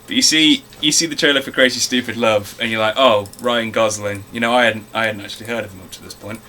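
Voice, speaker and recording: A man's voice: mid-range voice, quick pace, slight background noise. Chatty sweary man reviewing films. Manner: chatty, swears freely, animated storytelling. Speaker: film review co-host. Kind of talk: casual chat.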